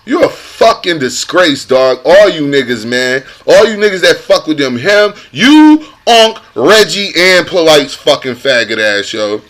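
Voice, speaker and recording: Heated, high-voiced man ranting. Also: big pitch swings, a little slow, few pauses, a bit bright. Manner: heated, profane, repetitive. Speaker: vlogger. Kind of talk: angry rant to camera.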